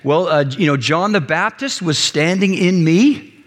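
A man's voice: fairly high pitch, expressive, unhurried. A man playing personified water, giving matter-of-fact testimony on a witness stand in a sermon. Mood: testifying. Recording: echoey hall reverb.

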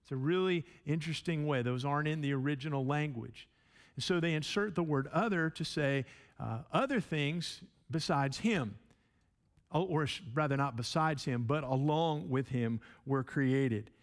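A man's voice: fairly high pitch, normal speed. A man teaching a sermon in a conversational way, often repeating words and checking in with his listeners. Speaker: pastor.

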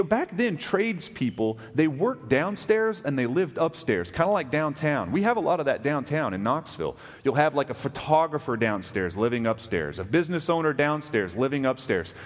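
Texan pastor preaching in a reverberant hall. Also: male voice, medium pitch. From West Texas. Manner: conversational, asks the congregation questions. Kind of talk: sermon.

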